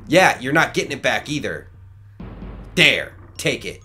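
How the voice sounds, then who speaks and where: A man's voice: medium pitch, very animated, measured pace, bright, forceful tone, faint music behind. A man co-hosting a gaming video, teasing his friend in casual banter. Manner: teasing, jokey. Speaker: let's play co-host.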